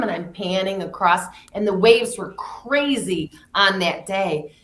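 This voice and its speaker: A woman's voice: mid-range voice, a little slow, a bit bright. An older woman, a grandmother, co-hosting a live card reading, speaking casually and gushingly and stretching words for emphasis. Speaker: card reader co-host. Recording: roomy, faint background noise.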